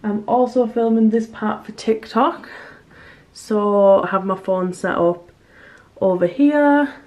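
A young woman chatting casually as she narrates her crafting work in a vlog, self-conscious and softly emotional at times. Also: mid-range voice, slow pace. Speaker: small business artist, vlogger.

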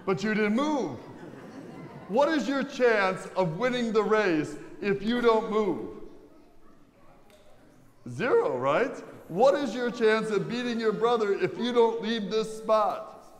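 A man preaching a sermon as a pastor, lively and questioning his congregation. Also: high voice, slow pace, slight background noise. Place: large church. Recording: long church reverb, faint ambience.

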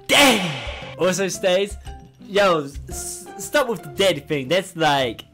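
A young man hosting a comedic reaction video, excitable and joking, often exclaiming and laughing. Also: high voice, slow pace, soft background music. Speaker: youtube reaction host.

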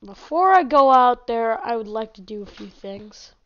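Woman, gameplay commentary, chatty, giggly, fairly high voice, dull lo-fi recording. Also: lively intonation, moderate pace. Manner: chatty, giggly, talks to her pets. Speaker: gaming channel host. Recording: dull lo-fi mic.

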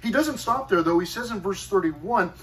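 A male pastor delivers a sermon in a loose, storytelling way and wanders into casual asides. His voice sits a bit high for a man. He sounds somewhat distant from the microphone. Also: lively intonation, normal speed. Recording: voice far from the mic.

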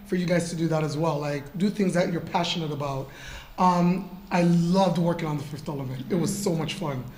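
A woman's voice: sits low, fairly quick, a little mellow. A woman in her forties tells stories about her career on stage at a live talk. She is chatty and laughs easily, her words full of fillers. The hall around her is roomy, with a faint hum of background sound. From Canada. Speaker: guest model in an artist talk. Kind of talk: casual storytelling interview. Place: event room with an audience.

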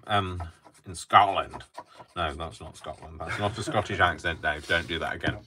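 A man's voice: low-pitched, fairly quick, pushed and bright, a little hiss or hum. A man hosting a live crafting tutorial from his home craft room, chatting in a wry, joking way. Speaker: crafting host.

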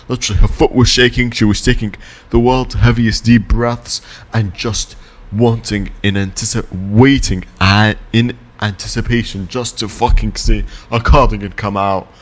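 A man giving a scornful, profane ranting commentary as a vlogger. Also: lowish voice.

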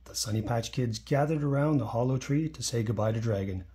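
A man reading a children's picture book aloud in a friendly, expressive way. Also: medium pitch, a little fast. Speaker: storybook reader.

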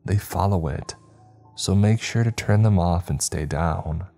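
A man's voice: low-pitched, unhurried, gravelly, dark tone, faint music behind. A man voicing a frightened young woman student who pleads through sobs. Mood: soft warning. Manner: pleading, sobbing.

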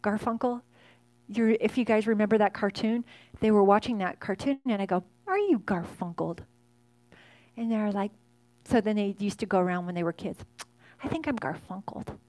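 A woman in her forties, a fitness instructor chatting warmly and effusively with her live class from an indoor space. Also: mid-range voice, fairly even intonation, fairly quick, no echo. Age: 40s. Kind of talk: casual chat to a live class. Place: indoor home workout space.

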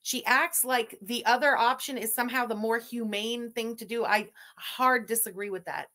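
A woman's voice: on the high side, steady tone, normal speed, pushed and bright. A woman hosting a livestream, giving blunt, sarcastic commentary and thanking viewers. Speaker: livestream host.

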